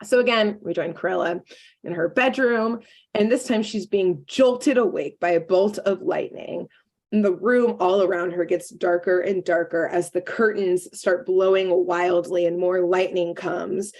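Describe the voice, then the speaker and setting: A woman co-hosting a podcast recaps a cartoon episode in easy, casual chat. She keeps breaking into quick acted-out quotes of the characters as she goes. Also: on the low side. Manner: animated storyteller, quotes characters in quick asides.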